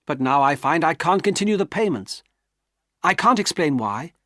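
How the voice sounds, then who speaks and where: In a dry storybook reading, a man voices an earnest, heartbroken young man pleading with trembling emotion. He pitches above his own voice into a fairly bright, sing-song, high register at a moderate pace.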